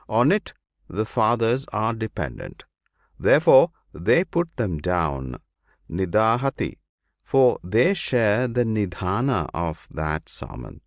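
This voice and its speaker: A man reading ancient scripture aloud as an audiobook narrator, deliberate and solemn with long pauses. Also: fairly low pitch, no echo, clean studio sound. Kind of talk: slow measured scripture reading.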